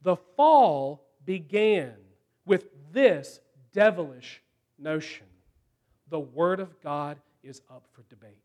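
Male preacher, higher register, deliberate and emphatic sermon delivery. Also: expressive, a little mellow. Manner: slow, emphatic preaching with dramatic pauses.

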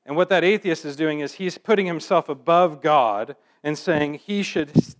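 A preacher reads scripture aloud and then explains it in a relaxed, conversational way during a sermon. His pitch is fairly high and his pace moderate.

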